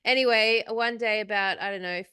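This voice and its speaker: A woman's voice: medium pitch, fairly even intonation, normal speed, sharp tone, clean tone, dry recording, clean studio sound. A middle-aged woman co-hosting a casual spiritual chat, rambling with many fillers and swearing freely. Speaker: podcast co-host.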